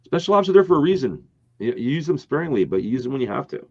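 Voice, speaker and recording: A man's voice: medium pitch, big pitch swings, rapid-fire, a little mellow, no echo. A man talks through his predictions in an emphatic, rambling way, restarting sentences as he goes. His voice sits mid-range, and the audio is dull and dry, like a lo-fi stream. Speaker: co-host. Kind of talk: casual political talk stream.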